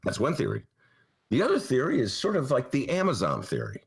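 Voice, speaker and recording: Man, host, sarcastic monologue, wildly swinging pitch. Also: huge pitch swings, fairly quick, slightly rough. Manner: sarcastic, mocking voices. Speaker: host and newspaper columnist. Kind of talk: comedic political monologue. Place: apartment. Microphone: headphones and mic.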